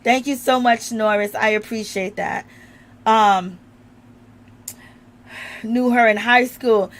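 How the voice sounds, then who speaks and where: A woman with a slightly high, steady voice talks slowly and casually to her viewers, recapping a reality show. She laughs a lot, and her voice sounds strained because she is getting over an illness.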